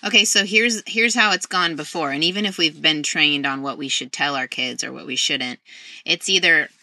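A woman hosting a podcast interview, asking lively questions. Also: low voice, moderate pace, no echo. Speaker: podcast host. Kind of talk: interview conversation.

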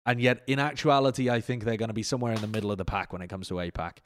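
A man's voice: fairly low pitch, fairly even intonation, racing, slight background noise. Opinionated male esports panelist, casual and slangy. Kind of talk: casual esports analysis chat.

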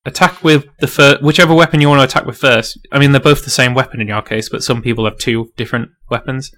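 A man's voice: mid-range voice, fairly even intonation, fast, fairly bright tone. A man narrating a tabletop role-playing game as game master, casual and full of fillers, laughing often.

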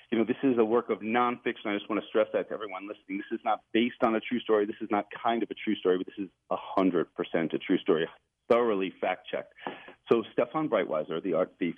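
A man, an author and journalist, talking as a guest in a radio interview, telling his story eagerly and chuckling now and then. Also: on the low side. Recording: tinny phone line.

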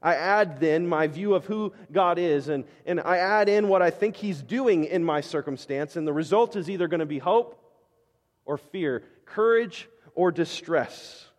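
A man's voice: a little high, moderate pace, big-room sound. A man preaching a sermon as pastor, telling the scripture story dramatically and acting out the disciples' outbursts in voice.

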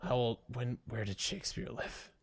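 A young man co-hosting a podcast, chatting casually and rambling excitedly with jokes. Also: mid-range voice, moderate pace, creaky, breathy edge. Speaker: podcast co-host. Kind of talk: casual chat.

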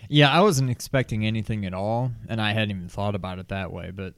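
A man with a lowish voice chatting casually as a podcast co-host, low-key and noncommittal, his sentences trailing off quietly. The sound is close and dry. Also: fast, clear, resonant tone, dry recording. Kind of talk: casual chat.

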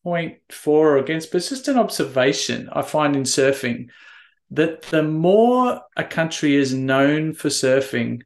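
A man's voice: fairly high pitch, expressive, measured pace, creaky. Wry, opinionated man. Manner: wry, opinionated, hesitant fillers. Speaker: podcast co-host. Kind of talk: casual chat.

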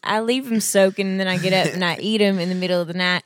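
A woman's voice: medium pitch, fairly even intonation, fast, dry recording. A woman co-hosting a casual chat, chatty and giggling often.

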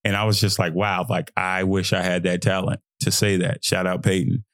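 A young man from Texas hosting his own podcast, talking loosely and in slang, jumping into high mocking voices when he quotes his own thoughts. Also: monotone, moderate pace, no echo, clean studio sound. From Fort Worth, Texas. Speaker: podcast host. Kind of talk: solo motivational podcast monologue.

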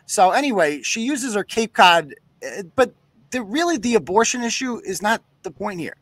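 Sarcastic ranting man with a bright voice. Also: sits high, sing-song, moderate pace, no room sound. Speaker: host. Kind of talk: live podcast commentary.

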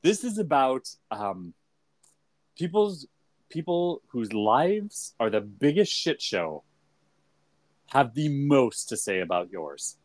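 A man's voice: medium pitch, very animated, takes it slowly, long pauses, dry recording. Wry man on a dry mic. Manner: wry, argumentative, dry humor. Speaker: podcast co-host. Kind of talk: casual chat.

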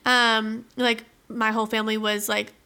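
A woman's voice: on the high side, little pitch movement, moderate pace, sharp tone, clean tone. A woman in her twenties casually telling a long personal story, with lots of "like" and laughing asides. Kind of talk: casual chat.

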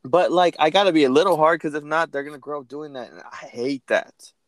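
A man's voice: fairly high pitch, fairly quick, no echo. Young man telling stories, casual, cursing. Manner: rambling, animated storytelling with frequent cursing. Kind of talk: casual chat.

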